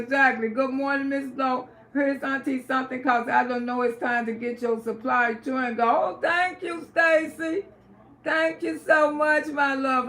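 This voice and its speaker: An older woman hosting a live stream, chatting loudly with viewers, laughing often and swearing freely as she gossips. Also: fairly high pitch. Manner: loud, cackling, outspoken gossip. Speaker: livestream host.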